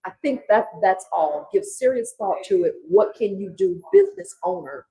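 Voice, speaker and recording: A woman's voice: medium pitch, big pitch swings, moderate pace, creaky, rough recording. A woman co-hosting a talk show in a studio, speaking emphatically. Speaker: co-host. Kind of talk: casual talk-show banter.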